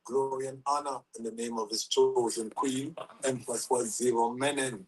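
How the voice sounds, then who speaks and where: A man's voice: mid-range voice, steady tone, moderate pace, husky, poor audio. A man giving a solemn, ceremonial greeting before introducing himself. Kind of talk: formal spoken greeting.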